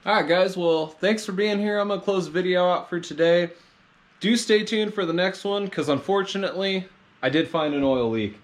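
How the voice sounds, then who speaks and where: A high-voiced man chats casually about his car project, excited and raising his voice. Loud engine noise fills the recording behind him. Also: moderate pace. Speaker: car build vlogger. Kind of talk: casual garage vlog talk.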